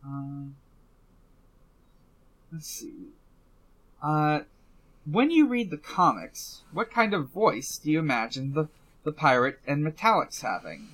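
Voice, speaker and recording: Slow-talking man with a bright voice. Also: on the high side, very animated. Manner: hesitant, many fillers and restarts. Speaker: podcast co-host. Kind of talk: casual podcast chat.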